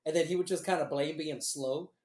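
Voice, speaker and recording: A man's voice: fairly high pitch, brisk, a little mellow. A man hosting a podcast in casual chat, laughing often, joking and swearing freely. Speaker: podcast host. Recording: roomy echo.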